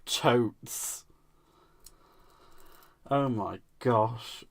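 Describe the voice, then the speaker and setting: Hosting a live crafting stream, this man speaks very slowly in a gravelly, medium-pitched voice. He's giggly and playful, teasing himself and reacting to chat comments as he crafts.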